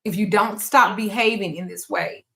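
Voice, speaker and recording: Woman quoting a calm, stern husband. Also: medium pitch, vocal fry, pitched below the performer's own voice. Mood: firm. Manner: slow, stern and measured. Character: calm, firm man setting boundaries.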